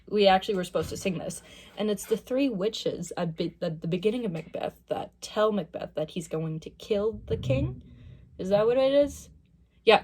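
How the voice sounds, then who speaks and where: A young woman talks her way through a listening session as a music student, casual and analytical. She thinks out loud, with a mid-range pitch and an easygoing chatty flow. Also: a little hiss or hum. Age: young adult. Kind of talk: casual listening reaction commentary.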